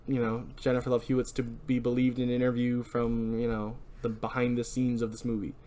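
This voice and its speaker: A man's voice: medium pitch, completely flat delivery, brisk, warm tone. A man hosting a podcast, chatting casually and rambling about a movie. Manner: chatty, rambling, self-interrupting with laughs. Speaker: podcast host. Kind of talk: casual movie review chat.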